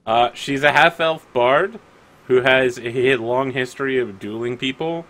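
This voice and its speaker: A man's voice: medium pitch, a little slow, fairly bright tone. A man narrating as game master in a casual, rambling way.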